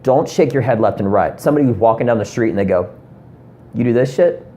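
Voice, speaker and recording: A man's voice: lowish voice, very fast, warm tone, slight background noise. A man in his thirties delivering a rambling, profane comedy rant to camera, full of ums and asides. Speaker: comedian vlogger.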